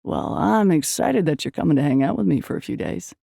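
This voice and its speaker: A woman narrator voicing a gentle, weary divorced father in an audiobook, speaking softly and hesitantly. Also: low voice, very animated, fairly quick, gravelly, dry recording, studio quality, full character voice. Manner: soft, hesitant. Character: gentle, weary divorced dad, adult man.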